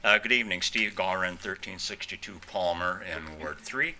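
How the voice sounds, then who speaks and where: A man's voice: deep voice, normal speed, pushed and bright, slight background noise. A man giving formal, polite public comment at a city meeting. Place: city council chamber.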